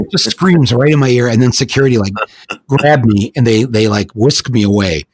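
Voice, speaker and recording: An older man hosting a podcast, telling stories in an animated way with many restarts. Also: mid-range voice, moderate pace. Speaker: podcast host. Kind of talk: casual podcast conversation.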